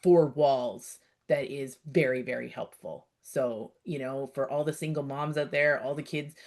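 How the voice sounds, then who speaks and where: A woman's voice: a bass voice, measured pace. A middle-aged woman from Canada in a casual interview, telling stories and acting out bits of dialogue. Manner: lively storyteller, acts out quoted dialogue. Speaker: outdoor educator, guest.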